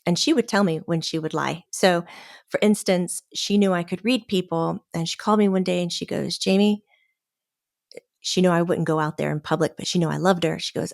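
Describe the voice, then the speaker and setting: A woman's voice: fairly low pitch, fairly quick, creaky, no echo, clean studio sound. A middle-aged woman guest telling a story in casual chat, laughing often and acting out the people she quotes. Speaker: podcast guest, medium.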